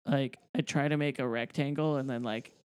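Woman with a very low voice. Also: moderate pace, dry recording, clean studio sound. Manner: relaxed, chiming in with comments. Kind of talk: casual chat.

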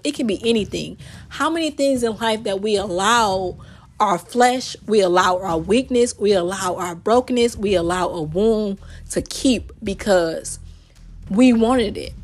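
A woman's voice: medium pitch, normal speed. Woman, podcast host, casual Bible study, earnest and chatty, recorded in a bedroom. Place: her bedroom at home.

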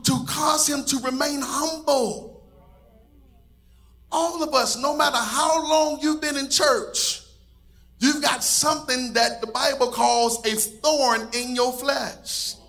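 A man preaching a sermon as pastor, with a singsong cadence that rises to shouts. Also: very high-pitched, fairly even intonation, takes it slowly, vocal fry, soft background music.

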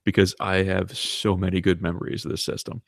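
A man in his thirties chatting casually on a podcast, animated and telling stories with plenty of swearing. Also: low voice, brisk, gravelly, no room sound, clean studio sound. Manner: animated storyteller, swears freely. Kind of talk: casual chat.

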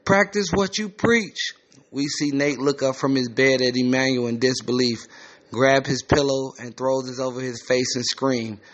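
A man's voice: medium pitch, flat delivery, normal speed. A man reading a screenplay aloud, with plain, matter-of-fact stage directions, on a slightly muffled lo-fi recording. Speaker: script reader.

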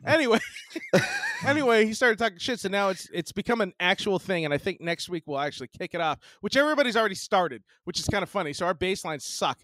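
Fast and a bit bright, this man's voice sits high and swings hugely in pitch. He's a podcast co-host in his 40s, chatting casually while telling a profane tale and playing all the people in it, captured in a dry recording.

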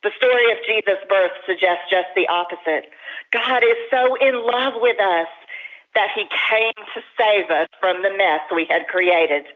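A pastor delivering a sermon in an earnest preaching manner, slowing down to stress key phrases. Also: mid-range voice. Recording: tinny phone-line sound.

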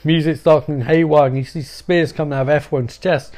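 A man giving an excitable, profane, rambling comedic recap of a film. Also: on the high side, a little fast, faint music behind. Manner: excitable, sweary, rambling asides. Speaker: movie recap commentator.

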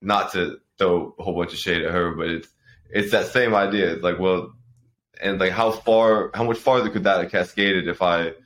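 Very deep-voiced man, chatty podcast host. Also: fairly even intonation, normal speed, fairly bright tone. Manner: laughs while telling an anecdote, loose and chatty. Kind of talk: casual conversation.

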